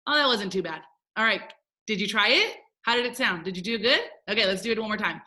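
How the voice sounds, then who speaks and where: A woman's voice: medium pitch, lively intonation, fast talker, sharp tone. A woman teaching a first grade phonics lesson, upbeat and encouraging as she talks to young children. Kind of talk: recorded remote phonics lesson.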